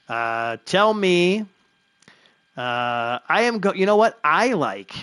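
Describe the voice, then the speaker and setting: A man's voice: medium pitch, fairly bright tone, no room sound. A man hosting a live stream of a baseball franchise game, talking loosely with lots of fillers and little chuckles. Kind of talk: casual live-stream commentary.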